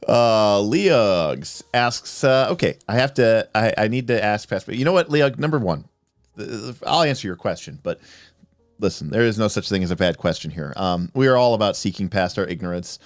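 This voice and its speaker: Chatty low-voiced male stream host. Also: expressive, moderate pace, no room sound, clean studio sound. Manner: rambling, many fillers and restarts, chuckling. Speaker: livestream host. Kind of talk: casual chat answering viewer questions.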